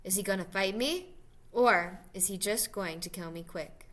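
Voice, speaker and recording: A woman reading a novel aloud in an expressive, lively storytelling manner. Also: medium pitch, moderate pace. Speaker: reader.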